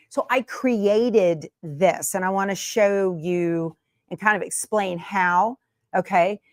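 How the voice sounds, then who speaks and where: A woman's voice: mid-range voice, no echo, clean studio sound. A woman hosting her sewing channel in a chatty, homey way from her sewing room. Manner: chatty and homey, many fillers. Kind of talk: casual chat to camera.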